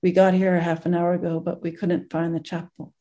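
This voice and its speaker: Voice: mid-range voice, completely flat delivery, a little fast, warm tone, lightly acted. Apologetic young man, as a reader voices him.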